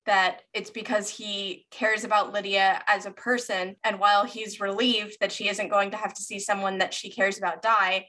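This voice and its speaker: Bright-voiced woman with dry, measured talk. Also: mid-range voice. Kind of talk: casual chat.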